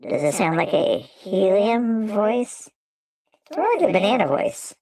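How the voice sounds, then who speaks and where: A man testing a high-pitched voice changer filter on his livestream. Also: animated, measured pace, a little mellow, no room sound, low-quality recording. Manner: curious, trying out each setting.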